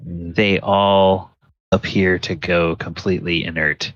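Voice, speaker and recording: A man narrating a tabletop game as dungeon master, describing the scene in a halting way full of fillers. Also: low-pitched, level tone, a bit bright, no room sound, dull audio.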